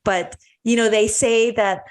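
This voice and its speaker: A woman's voice: on the high side, steady tone, a little slow. A woman hosting a podcast in casual chat, earnest and gushing, often restarting her sentences. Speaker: podcast host.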